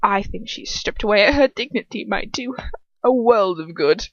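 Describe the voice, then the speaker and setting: A woman's voice: medium pitch, expressive, normal speed, no echo, dull audio, natural voice. A woman voicing a cruel, mocking adult witch in a taunting, sing-song way.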